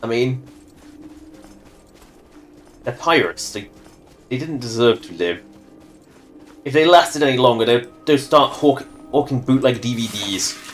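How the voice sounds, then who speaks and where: A man livestreams a game, joking and mocking himself in rambling asides. His mid-pitched voice is lively and bouncy, with faint game music underneath. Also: measured pace, pauses often. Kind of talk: casual gaming commentary. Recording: voice over game audio and music.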